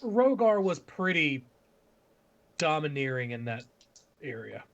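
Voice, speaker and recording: A man leads a tabletop game as its game master, his voice sitting slightly high for a man. He talks in a relaxed, dry way and teases his players now and then. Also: slow pace, highs cut off. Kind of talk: running a tabletop game on a livestream.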